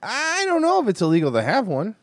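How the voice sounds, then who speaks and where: Man, streamer, profane, sarcastic, animated, high-ish voice, very dry close mic. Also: a little fast, no echo. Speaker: streamer reacting to news with a co-host. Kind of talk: casual chat.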